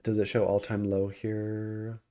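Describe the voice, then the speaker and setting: Man, low-pitched voice, casual investing talk, rambling with filler words. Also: monotone, a little slow, warm tone. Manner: loose and rambling, full of ums and self-corrections. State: yawning and hiccuping. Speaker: investing channel host. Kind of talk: casual screen-share stock commentary.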